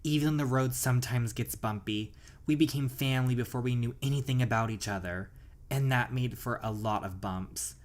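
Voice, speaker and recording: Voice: medium pitch, moderate pace, lightly acted. A gamer reading out the lines of an earnest, romantic young husband in a story game, in a tender, sincere delivery close to their own voice. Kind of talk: reading game dialogue aloud.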